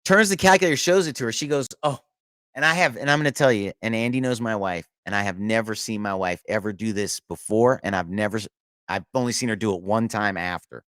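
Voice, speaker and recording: In a dry recording, a middle-aged man hosting a podcast spins a long, rambling story in relaxed conversation, often restarting and laughing along. He speaks a little fast in a low-ish voice with a fairly bright tone.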